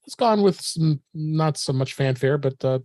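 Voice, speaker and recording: A man's voice: fairly high pitch, unhurried, a little mellow, no echo, clean studio sound. A man hosting a tech news podcast, talking in a casual, chatty way with many fillers. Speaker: podcast host.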